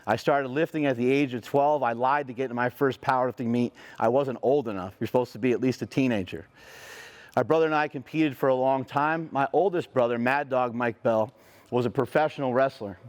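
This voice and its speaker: A middle-aged man giving a motivational speech, telling a personal story in a profane, animated way. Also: medium pitch, a little fast. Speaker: motivational speaker.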